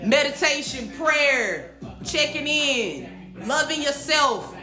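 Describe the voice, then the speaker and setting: A woman's voice: high-pitched, lively intonation, slow, music in the background. Emphatic woman hosting a livestream. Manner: emphatic, repeats phrases, chats with viewers' comments. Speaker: host of a weekly livestream message. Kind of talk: casual encouraging livestream talk. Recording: echoey room.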